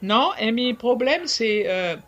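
A man, explaining things in an interview in a halting way, repeating words and slipping into French. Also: extremely high pitch, animated, sharp tone, lo-fi sound. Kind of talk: conversational explaining.

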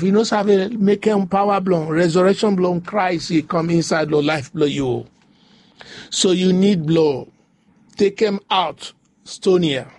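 A man's voice: high-pitched, a little mellow, no echo. A man preaching a devotional sermon, repeating phrases in a rhythmic, rising way. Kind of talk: devotional sermon in pidgin English.

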